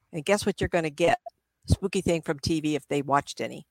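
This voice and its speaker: A woman's voice: lowish voice, fairly even intonation, moderate pace, fairly bright tone, no echo. A middle-aged woman, a psychic medium, chatting in an interview and acting out spirits with gasps and laughs. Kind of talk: casual interview talk.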